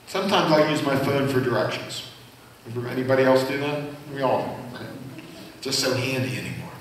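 A man at medium pitch, talking a little fast, gives a sermon as senior pastor, chatting with the congregation and asking them questions. He sounds distant in a very reverberant church sanctuary, with slight background noise.

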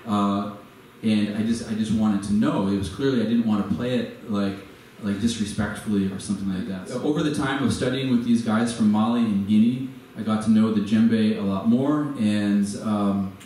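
Man, forties, storytelling talk, halting delivery full of fillers, mellow low voice, recorded far off in a very echoey hall. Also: slight background noise. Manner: hesitant, many fillers and restarts. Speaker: guest speaker. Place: venue with a live audience.

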